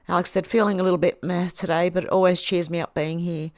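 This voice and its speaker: A woman's voice: lowish voice, fairly even intonation, brisk, hardly any pauses, dry recording, studio quality. A middle-aged Australian woman hosting a livestream, casually reading viewers' comments aloud and answering them with small laughs. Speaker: livestream host.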